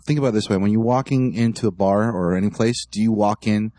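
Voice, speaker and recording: Low-voiced, deadpan man in podcast chat. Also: fast talker, no echo. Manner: terse and deadpan. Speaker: podcast co-host. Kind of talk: casual chat.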